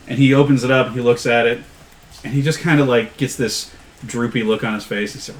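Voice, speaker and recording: A man narrating a tabletop game as game master, halting and restarting as he describes scenes. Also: medium pitch, slight background noise, low-quality recording. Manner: rambling, halting, many restarts.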